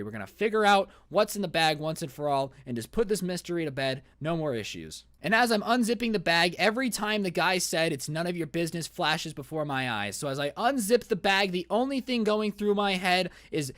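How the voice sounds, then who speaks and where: A young man in his twenties telling a storytime vlog in a casual, animated way with dramatic asides. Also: a little high, no room sound, clean studio sound. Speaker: YouTube storyteller.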